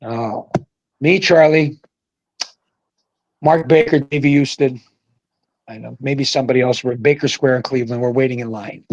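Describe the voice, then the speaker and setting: An older man, a guest who was a pro bowler, telling a profane, animated story in casual conversation. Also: mid-range voice, lo-fi sound.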